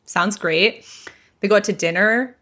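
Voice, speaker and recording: Woman host retelling gossip. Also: medium pitch. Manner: animated retelling, quoting people in quick asides. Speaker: podcast host telling a gossip story. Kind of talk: casual storytelling chat.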